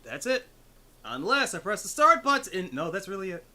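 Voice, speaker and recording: A man's voice: high-pitched, very animated, normal speed, bright, forceful tone. A man streaming a retro video game, chatting casually, rambling through asides and swearing freely. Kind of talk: casual gaming commentary. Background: game music.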